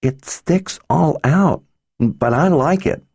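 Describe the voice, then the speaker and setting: A man narrating an audiobook and voicing an earnest, serious little orphan girl in a high childlike voice. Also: expressive, slow, vocal fry, a little mellow, husky, no echo, clean studio sound, full character voice. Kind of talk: audiobook character voice.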